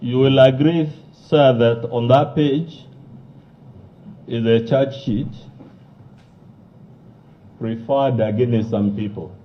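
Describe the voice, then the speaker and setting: A man's voice: mid-range voice, takes it slowly, long pauses, lo-fi sound. A man, a lawyer, cross-examining a witness at a hearing with firm, clipped questions.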